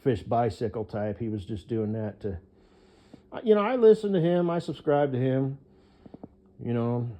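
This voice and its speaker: A man's voice: medium pitch, very animated, normal speed, long pauses, dark tone. A man delivering a rambling one-sided monologue, swearing freely and filling his speech with hesitations. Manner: rambling, profane, full of fillers.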